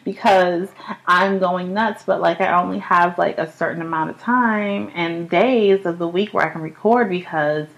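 A young adult woman hosting a casual home podcast while high, telling stories in a profane, animated way with frequent laughter. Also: moderate pace, poor audio. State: high on cannabis. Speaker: podcast host. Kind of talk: casual chat. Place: home apartment.

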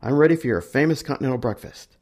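A man's voice: medium pitch, fast, darkish tone, pitched above the performer's own voice, natural voice. A man doing an eager, hopeful jobless consultant. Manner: eager and upbeat.

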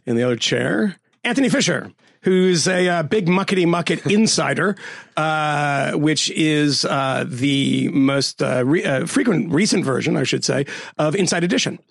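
Gravelly wry man hosting a podcast. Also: a little high, lively intonation, normal speed, no echo, clean studio sound. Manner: wry, rambling, laughs often. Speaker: podcast host. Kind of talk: casual chat.

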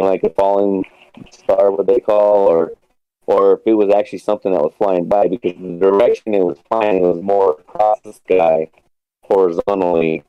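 Casual male guest, very deep, mellow voice, rambling delivery, dry lo-fi recording. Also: clear, resonant tone, no room sound. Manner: rambling, lots of fillers and restarts, swears casually. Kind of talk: casual podcast chat. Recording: dull lo-fi sound.

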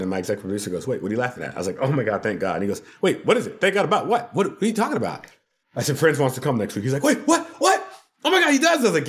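A man, a TV producer, telling a story with lots of laughter and acted-out quotes as a podcast guest. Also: medium pitch. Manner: acts out quoted voices, laughs often. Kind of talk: animated storytelling.

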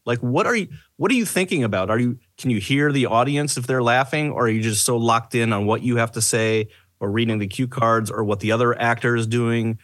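A man's voice: mid-range voice, a little fast, hardly any pauses, fairly bright tone, dry recording. A man hosting a podcast, asking curious, rambling questions in a casual interview. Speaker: podcast host.

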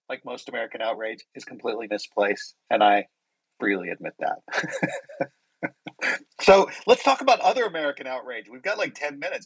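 A man hosting a casual online group chat, relaxed and self-deprecating, with frequent chuckles. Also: mid-range voice, husky, no room sound, poor audio. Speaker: host.

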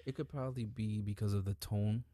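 Male co-host, low mellow voice, steady and measured, dry close mic. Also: dry recording. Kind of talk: casual chat.

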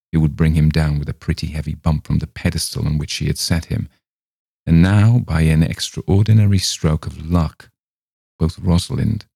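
Deep, gravelly man reading a story. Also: dark tone, no echo, studio quality. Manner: measured storytelling. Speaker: podcast host reading stories. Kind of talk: reading a short story aloud.

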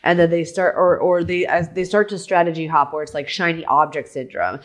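A woman business coach talking alone on a podcast, animated, often restarting and repeating words as she explains. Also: low-pitched, fairly quick. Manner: animated, acts out her own past questions. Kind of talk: solo podcast monologue.

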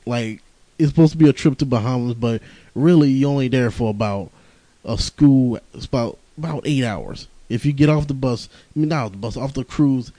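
A tired young man runs a solo podcast, rambling through stories with frequent profanity and laughter. He talks a little fast in a warm, medium-pitched voice, and the recording is dry and low quality.

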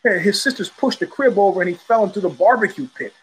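A man's voice: sits high, expressive, fast, a little hiss or hum, rough recording. A man hosting his own show, talking in a blunt, sardonic, rambling way, with frequent restarts. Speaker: host. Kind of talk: casual solo commentary.

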